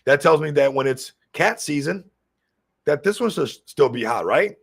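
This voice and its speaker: A man hosting a casual crypto livestream, excitable and hyped, constantly talking to his viewers while a little sick. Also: a little high, moderate pace, gravelly, slightly rough.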